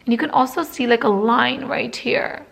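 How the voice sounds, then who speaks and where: A woman's voice: fairly high pitch, normal speed, creaky, fairly bright tone. A woman in her twenties talking casually to camera as a beauty vlogger, chatty and full of fillers.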